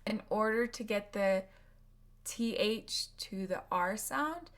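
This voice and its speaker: An American woman teaching English pronunciation, drilling words slowly and repeating them for practice. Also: mid-range voice, animated.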